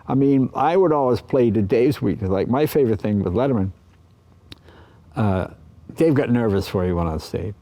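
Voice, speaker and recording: Older male guest, mellow tone, lively storyteller who acts out quotes. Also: mid-range voice, moderate pace. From East Coast of the US. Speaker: interview guest. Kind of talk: anecdotal interview talk.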